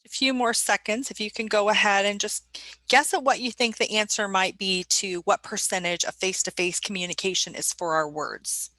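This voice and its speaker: A woman's voice: mid-range voice, fairly even intonation, moderate pace, pushed and bright, no room sound. A woman presenting a staff training webinar in a conversational way, putting questions to her audience.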